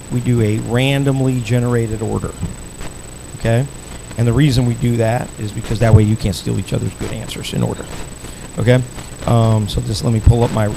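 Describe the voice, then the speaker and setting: A man running a candidate forum speaks in a loose, rambling way full of restarts. His voice is gravelly and sits at an ordinary pitch. Crickets and outdoor ambience are clearly audible behind him. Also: noisy background. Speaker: forum organizer. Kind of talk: casual announcements.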